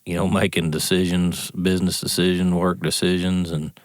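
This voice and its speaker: Man, very deep voice, monotone, dry recording, thoughtful co-host. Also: no room sound. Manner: reflective, halting. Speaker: podcast co-host. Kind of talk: casual conversation.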